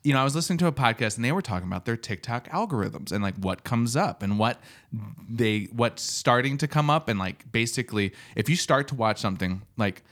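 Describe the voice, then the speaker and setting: A man's voice: medium pitch, expressive, fairly quick, fairly bright tone. A man co-hosting a podcast in casual chat, rambling and trailing into asides. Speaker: podcast co-host.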